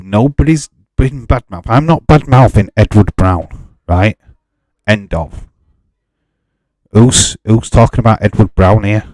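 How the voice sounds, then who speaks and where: A man hosts a live stream in a casual, chatty way, often laughing and pushing back at his viewers. His voice sits fairly low with a warm, mellow tone. The sound is close and dry, with no room echo. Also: takes it slowly. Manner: exasperated, chatty, laughs often, reads chat aloud.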